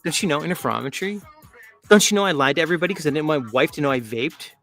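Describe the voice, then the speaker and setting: A man's voice: on the high side, expressive, racing, a bit bright, faint music behind. A man doing a smug boastful braggart. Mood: whiny. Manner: smug, dismissive, repeats "don't you know".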